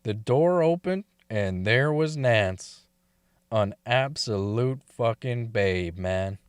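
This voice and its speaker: A man's voice: mid-range voice, expressive, slow pace, clean tone, no room sound, clean studio sound. A man telling a crude first-person story, swearing and laughing often. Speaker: story reader.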